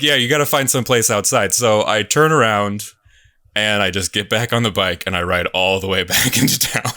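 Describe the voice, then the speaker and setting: A fairly low-pitched man with a bright, forward tone tells a self-deprecating anecdote. He chuckles through his stories. The sound is close and dry. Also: dry recording. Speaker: game show contestant. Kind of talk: casual storytelling.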